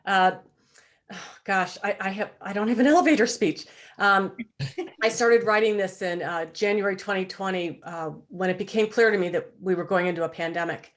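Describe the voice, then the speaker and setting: Woman author from Ohio, nervous and halting, near tears, on a video call. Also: medium pitch. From Ohio, USA. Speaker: guest author. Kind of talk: nervous self-introduction at a virtual event.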